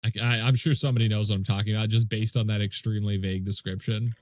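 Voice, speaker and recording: A man's voice: on the low side, fairly even intonation, fast, no room sound, studio quality. A man with a stuffy nose, casually commentating his game stream and chatting with viewers in a laid-back, swearing way.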